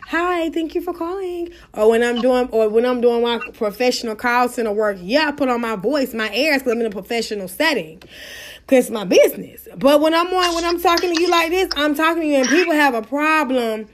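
Woman host of an app chat show, high-voiced, blunt and slangy. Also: brisk, a little hiss or hum. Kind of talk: casual live-audio chat.

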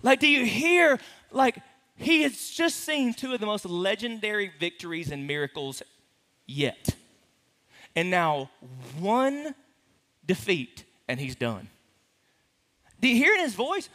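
Pastor, male, animated sermon delivery with playful asides; bright tone, long hall reverb. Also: high-pitched, takes it slowly, pauses often. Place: large hall with a congregation.

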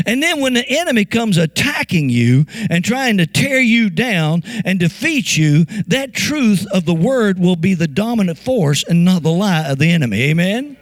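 Guy preaching a sermon, fairly high voice, keeps asking the crowd if they hear him, dry close sound. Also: sing-song, normal speed, no room sound. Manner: call-and-response preaching, repeating phrases, rising emphasis. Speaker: pastor.

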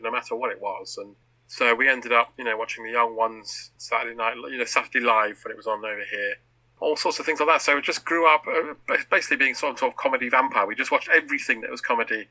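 Bright-voiced chatty British man. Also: medium pitch, low-quality recording. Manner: chatty, stumbling restarts, quick laughs. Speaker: podcast guest. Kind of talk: casual chat.

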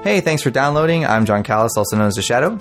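A man hosting a casual podcast, leading relaxed, jokey banter with his co-hosts. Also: medium pitch, fast talker, soft background music. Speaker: podcast host. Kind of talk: casual chat.

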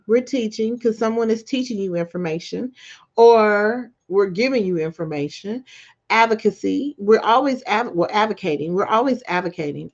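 A woman hosting her podcast in a casual motivational chat, telling stories in an animated way and often laughing, her voice jumping high when she quotes herself. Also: lo-fi sound. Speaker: podcast host.

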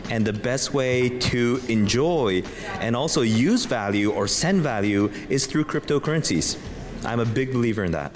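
A man's voice: mid-range voice, expressive, moderate pace. A man answering an interview question in an earnest, emphatic way. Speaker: interviewee at a crypto event. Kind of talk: interview answer played as a clip. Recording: noisy event recording.

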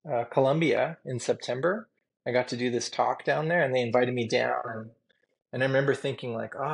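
A man's voice: medium pitch, gravelly, breathy edge. A man, a tattoo artist guest, telling candid stories in a rambling, earnest way, full of "you know" and "like.". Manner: rambling, filler-heavy, earnest and emotional. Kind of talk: candid storytelling interview.

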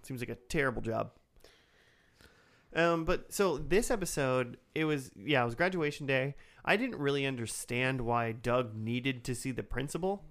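A man's voice: medium pitch, expressive, normal speed, fairly bright tone. A man co-hosting a podcast, recapping an episode in rambling casual chat with many fillers. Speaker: podcast co-host recapping a cartoon.

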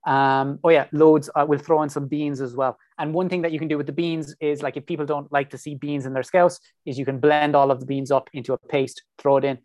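A man's voice: fairly high pitch, little pitch movement, brisk, few pauses, a little mellow, no room sound, clean studio sound. A young man from Ireland, a PhD researcher, chatting casually in an interview with lots of fillers and restarts. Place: home.

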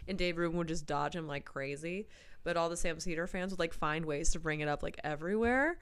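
A woman's voice: sits low, brisk, clean tone. A young woman co-hosting a podcast, telling film and internet stories in casual, chatty talk. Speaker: podcast co-host. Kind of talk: casual chat recapping a film.

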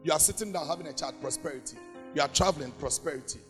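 A man's voice: fairly high pitch, racing, a bit bright, soft background music. A man, a pastor, preaching a sermon in an emphatic, repetitive way that swells into chanted prayer. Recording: long hall reverb.

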